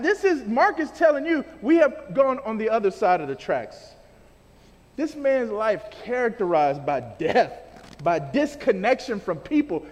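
A man preaching a sermon in a casual, animated way, using everyday slang as he explains scripture. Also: very high-pitched, in a large hall.

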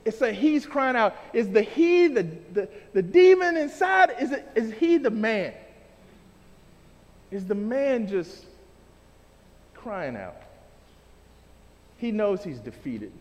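Male preacher, very high voice that swoops widely, casual slang-filled sermon delivery, heard in a hall with long reverb. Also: big pitch swings, slow pace, long pauses, a little mellow.

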